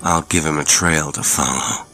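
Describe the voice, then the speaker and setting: A man's voice: very deep voice, fairly even intonation, moderate pace, pushed and bright, faint music behind. A man voicing a tense, hunted big-game hunter in an audiobook reading, clipped and determined. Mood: grim resolve.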